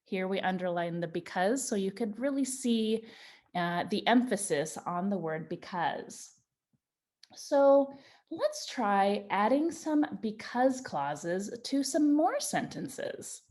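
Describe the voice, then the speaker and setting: A woman's voice: mid-range voice, expressive, a little mellow. Patient woman teaching young children. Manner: slow, patient and encouraging, stretching out example sentences. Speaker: Montessori teacher. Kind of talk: children's writing lesson.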